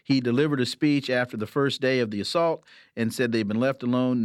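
A man's voice: medium pitch, fairly quick, clear, resonant tone, no echo. Emphatic male radio host, dry sound. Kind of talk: radio interview questions.

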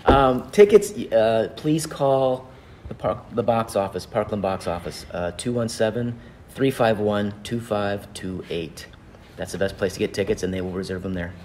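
A man's voice: lowish voice, moderate pace, a little mellow, a little hiss or hum. A man, the organizer of a stage show, chatting in an interview in an upbeat way with frequent fillers. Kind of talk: casual interview chat.

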